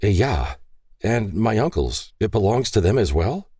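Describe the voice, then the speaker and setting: A man's voice: on the low side, big pitch swings, measured pace, mellow, husky, no echo, clean studio sound, pitched above the performer's own voice, full character voice. A man voicing an earnest, eager young son in an audiobook, asking tentative questions in a raised voice.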